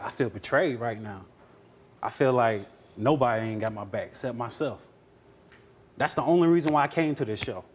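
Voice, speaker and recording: Earnest, wounded man on a talk show. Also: medium pitch. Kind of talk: emotional talk show testimony.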